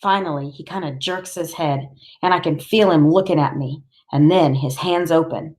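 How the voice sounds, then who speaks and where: A woman reading a novel aloud in the first person with a steady, intense storytelling manner. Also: deep voice, moderate pace. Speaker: audiobook reader.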